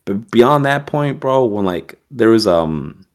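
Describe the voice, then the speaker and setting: Low-voiced man telling street stories. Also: slow. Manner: streetwise slang, heavy swearing, animated quoting. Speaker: podcast guest. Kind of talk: casual storytelling.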